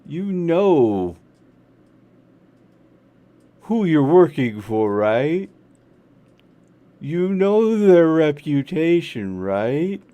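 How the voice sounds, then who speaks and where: A man voicing a sly, smiling fey character in a tabletop game, speaking slow and honeyed. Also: a little high, very animated, warm tone, muffled recording, voice pushed up, heavily acted. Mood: mocking. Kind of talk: tabletop role-play in character.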